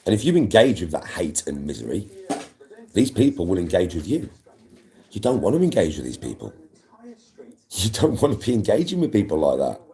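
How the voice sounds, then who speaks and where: A man hosting a livestream, pouring out a swearing, combative rant at his viewers. His voice sits low and dark, and it swings widely up and down as he pushes his point. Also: big pitch swings, fairly quick, pauses often. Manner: aggressive, swearing, defiant. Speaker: livestream host. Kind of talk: ranting to live viewers.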